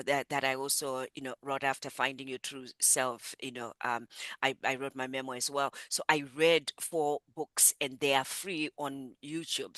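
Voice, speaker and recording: A woman's voice: a bass voice, fairly bright tone, dry recording. A middle-aged woman from Zimbabwe, a psychotherapist and author, talking earnestly and reflectively as an interview guest, often restarting her sentences. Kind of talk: conversational interview.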